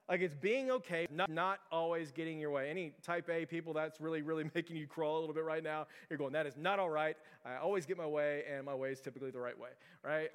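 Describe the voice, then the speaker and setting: A man's voice: sits high, a bit bright. A man in his thirties preaching a casual, story-driven sermon, chuckling as he talks. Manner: storytelling, conversational, chuckles often. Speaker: pastor. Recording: long reverb of a hall.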